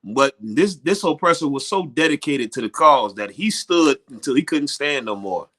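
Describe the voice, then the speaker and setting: A man's voice: medium pitch, lively intonation, normal speed, a bit bright. A man co-hosting a casual talk show, speaking emphatically and addressing the listeners directly.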